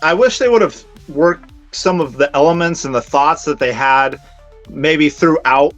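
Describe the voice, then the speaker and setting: A man's voice: fairly high pitch, unhurried, a bit bright. A man co-hosting a casual movie review podcast, speaking hesitantly and rambling through restarts. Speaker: podcast co-host. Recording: slightly dull lo-fi audio with faint music.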